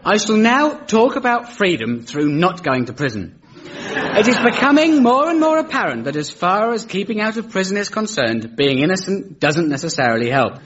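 A man hosting a comedy show gives a dry, mock-formal satirical lecture full of sarcastic punchlines, scripted like stand-up. His voice is high-pitched with big pitch swings at normal speed. It's a dull, lo-fi broadcast recording with background noise.

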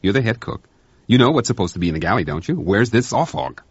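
A man voicing a harried, exasperated ship's officer, insistent and brisk, on a dull, dry lo-fi recording. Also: on the low side, big pitch swings, breathy edge, dry recording, pitched above the performer's own voice, full character voice.

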